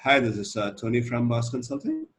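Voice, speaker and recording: A man's voice: mid-range voice, huge pitch swings, brisk, breathy edge. A man from India, a sales trainee practicing a sales call, talking in a hesitant, rambling way full of fillers.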